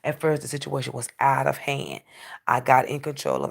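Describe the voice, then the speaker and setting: A woman's voice: a bass voice, normal speed. A woman in a casual vlog monologue, ranting and preaching with plenty of profanity. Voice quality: gravelly. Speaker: vlogger.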